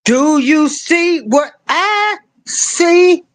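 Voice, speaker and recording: Drawn-out and slangy, an older female online commentator's political rant comes through a rough, dry recording. Her pitch is animated as she emphatically fires off repeated rhetorical questions, alternating between rising cries and quiet asides.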